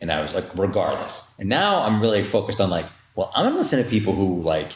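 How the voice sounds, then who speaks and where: A man's voice: fairly low pitch, wildly swooping pitch. A man hosting a podcast in casual conversation, easygoing and agreeable, often chiming in with short replies. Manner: easygoing, agreeable, quick to chime in. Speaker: podcast host. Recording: roomy echo.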